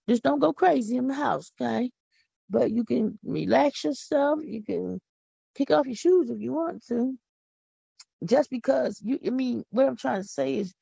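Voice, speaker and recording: Husky, gravelly woman preaching with fervor. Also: fairly high pitch, mellow, dry recording, dull audio. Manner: fervent, folksy, repeats words for emphasis. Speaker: podcast host. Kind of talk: preaching devotional talk. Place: home.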